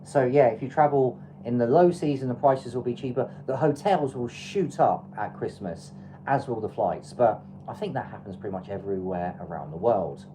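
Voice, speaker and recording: An English woman with an unusually deep, low voice chats her way through a travel livestream. She hands out tips in a loose, rambling style with plenty of ums. Her tone is mellow and soft-edged. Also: normal speed, a little hiss or hum, poor audio. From England. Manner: chatty, advice-giving, loose with fillers. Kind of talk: casual livestream chat.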